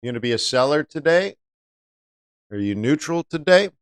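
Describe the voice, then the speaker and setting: A man's voice: a little high, expressive, moderate pace, smooth, no room sound, studio quality. A man hosting a live-stream trading lesson, chatty, often asking viewers rhetorical questions. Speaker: trading educator.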